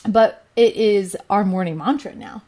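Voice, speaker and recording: A woman's voice: mid-range voice, unhurried. Woman in her 30s, co-host, reflective, heartfelt, casual talk. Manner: warm-hearted, reflective, "you know" fillers.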